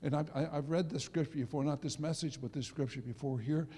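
A middle-aged male pastor preaching a sermon, dropping to soft asides and rising to loud emphasis. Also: fairly high pitch, fairly even intonation, fast, slightly rough. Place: church sanctuary. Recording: long reverb of a church hall.

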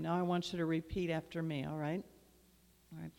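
A woman's voice: low-pitched, little pitch movement, fairly quick, creaky, long pauses, mellow. A woman guest minister praying and preaching with fervent, repetitive, emphatic phrasing in a church. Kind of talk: prayer and sermon. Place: church sanctuary. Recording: long reverb of a large church hall.

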